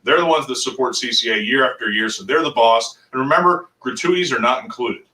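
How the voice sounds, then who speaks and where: A man's voice: medium pitch, brisk, bright, forceful tone, recorded from a distance. A man hosting a live charity fundraiser from a fishing shop, chatty and enthusiastic. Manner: chatty, enthusiastic, thanks supporters. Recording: echoey shop, off-mic.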